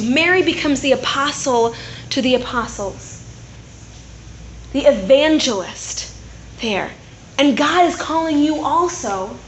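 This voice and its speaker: A woman preaches in a chatty, animated way, often checking in with her listeners through quick tag questions. Her voice sits high. It rings in the echo of a large room. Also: a little hiss or hum. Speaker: speaker at a women's gathering. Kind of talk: conversational sermon. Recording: roomy echo.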